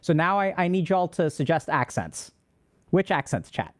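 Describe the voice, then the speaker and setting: A man's voice: fairly high pitch, very animated, moderate pace. A man hosting a casual livestream, reading out and answering chat questions in a loose, rambling way.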